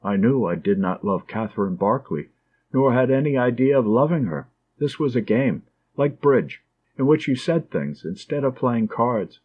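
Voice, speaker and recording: A man narrating an audiobook in a calm, measured way, in a slightly dull lo-fi recording. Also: medium pitch.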